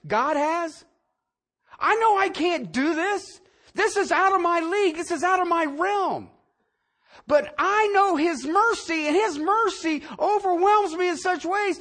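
A man's voice: extremely high pitch, a little slow, a bit bright. A man preaching a sermon as pastor, talking in a conversational way and often asking the congregation questions.

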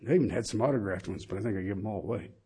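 A man's voice: lowish voice, very fast, warm tone, breathy edge. A middle-aged man preaching a sermon, emphatic and asking the congregation questions.

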